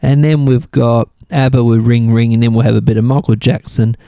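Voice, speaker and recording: A man's voice: mid-range voice, fairly even intonation, brisk, creaky, mellow, dry recording. A man with an Australian accent hosting a casual radio music show, rambling and thinking aloud as he looks things up between songs. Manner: rambling, thinks aloud while searching online. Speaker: radio host.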